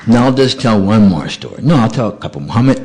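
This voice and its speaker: A man with a low voice tells stories to a congregation, his pitch leaping about as he acts out each person he quotes. His speech swings widely and expressively from line to line. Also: fast, a loud crowd, heavy background noise. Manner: animated storyteller acting out dialogue. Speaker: monk giving a talk. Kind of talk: storytelling sermon.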